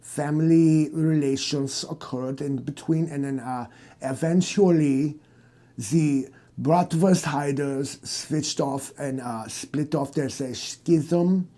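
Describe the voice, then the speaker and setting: A man's voice: fairly high pitch, takes it slowly, mellow. A man doing a pompous German psychoanalyst. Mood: lecturing. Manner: stiff, formal, fussy and easily offended.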